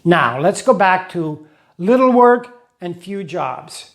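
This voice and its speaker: Male teacher, high register, patient lesson narration built on examples and rhymes. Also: sing-song. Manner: explains slowly with examples and rhymes. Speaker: English teacher for Russian speakers.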